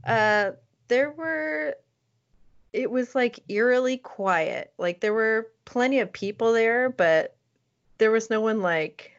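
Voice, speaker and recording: Woman co-host, slow drawl, lively swooping pitch, laughs a lot. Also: muffled recording. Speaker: podcast co-host. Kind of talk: casual chat.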